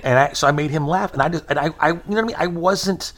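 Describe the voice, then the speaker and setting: Man rambling through an animated anecdote. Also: on the high side, fast talker. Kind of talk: casual conversational storytelling.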